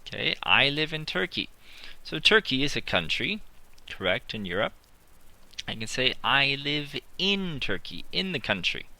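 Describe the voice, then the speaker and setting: A man teaching English in a slow, deliberate classroom style, repeating his examples while writing them on a board. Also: mid-range voice, very animated, gravelly, sharp tone. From not British.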